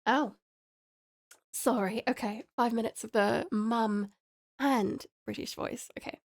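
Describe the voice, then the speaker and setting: Giggly high-voiced Australian woman streamer. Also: measured pace. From Tasmania, Australia. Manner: giggly, excitable, slips into silly baby talk. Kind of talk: live game stream commentary.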